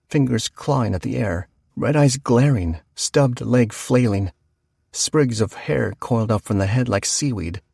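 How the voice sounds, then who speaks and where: A man narrating a horror audiobook, slowing down for the tense moments. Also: fairly low pitch, vocal fry, darkish tone, husky, no echo, clean studio sound.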